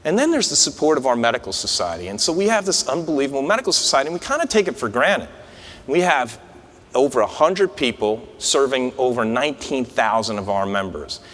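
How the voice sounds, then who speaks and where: A man's voice: mid-range voice, sing-song, brisk, a bit bright. A man, an incoming society president, giving a conversational, anecdotal conference speech from a podium mic in a large convention hall. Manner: conversational, anecdotal, with frequent restarts. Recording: long hall reverb.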